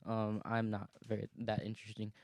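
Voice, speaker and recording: Casting: man in his twenties, low voice, loose rambling solo podcast talk, swears freely, laughs between thoughts. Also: completely flat delivery, a little fast, a little mellow, no room sound. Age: 20s. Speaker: podcast host. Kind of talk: casual solo monologue.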